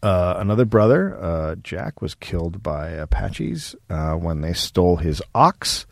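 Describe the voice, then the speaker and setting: Man, low voice, lively pitch, casual profane storytelling, dry close mic. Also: unhurried, creaky, no room sound. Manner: profane, laid-back, hesitant with frequent "um". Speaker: comedy podcast co-host telling a history story.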